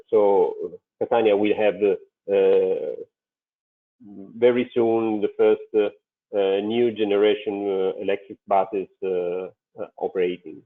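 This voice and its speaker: Halting, male presenter, low voice, slow delivery, tinny video-call audio. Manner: halting, many fillers and restarts. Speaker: transit company presenter. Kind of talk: webinar presentation. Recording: phone-like narrow sound.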